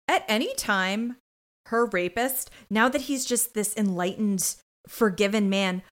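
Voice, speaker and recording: A woman's voice: mid-range voice, a bit bright. A woman co-hosting a podcast, giving indignant, opinionated commentary on a TV episode in casual chat. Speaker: podcast co-host.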